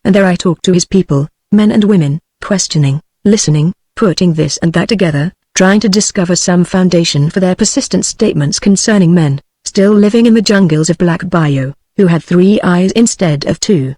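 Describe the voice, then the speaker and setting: A woman's voice: fairly low pitch, moderate pace, hardly any pauses, no room sound. Dry synthetic British woman narrator. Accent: British English. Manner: even, steady synthetic reading with no change between characters. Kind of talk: text-to-speech audiobook narration.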